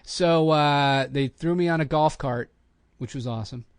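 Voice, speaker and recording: Animated storytelling man, dry sound. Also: fairly high pitch, moderate pace, clean tone, dry recording. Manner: animated anecdote-telling, acts out quotes. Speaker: podcast host, voice actor. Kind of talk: casual storytelling chat.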